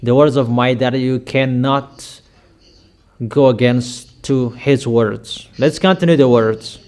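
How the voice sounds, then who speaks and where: A man preaching a sermon in halting, repetitive English, delivering emphatic commands and addressing his listeners as children. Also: medium pitch, fairly even intonation, a little mellow. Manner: halting non-native English with repeated phrases.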